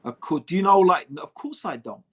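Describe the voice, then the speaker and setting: A man's voice: high-pitched, sing-song, a little fast, a bit bright, slightly rough. Emphatic man calling everyone bro. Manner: emphatic, conversational, says "bro" often. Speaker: podcast co-host. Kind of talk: casual discussion.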